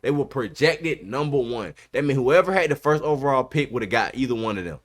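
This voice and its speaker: A man's voice: mid-range voice, lively intonation, a little fast. Emphatic man talking sports on a podcast. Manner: emphatic, repeats himself, says bro a lot. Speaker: podcast host. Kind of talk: casual sports chat.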